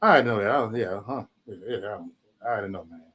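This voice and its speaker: The host of this casual livestream chat has a lowish, husky voice with a fairly bright tone and a quick pace. He rambles loosely, swears, often says "man," and chuckles between remarks.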